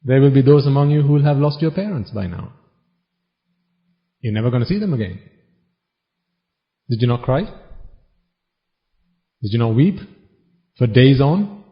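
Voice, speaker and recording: A man's voice: medium pitch, animated, moderate pace, long pauses. Wry man preaching a sermon, dull recording. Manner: questioning the audience, wry and teasing. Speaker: Buddhist preacher.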